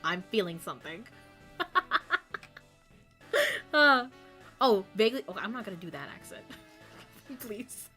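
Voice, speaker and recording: A woman streaming a game, reacting excitably with squeals and giggles between the lines she reads. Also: mid-range voice, a little slow, long pauses, breathy edge. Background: faint game music.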